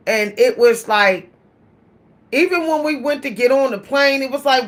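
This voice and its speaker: A woman vlogger tells a story in casual chat, animated and laughing as she talks directly to her listeners. Her voice is high and a little slow.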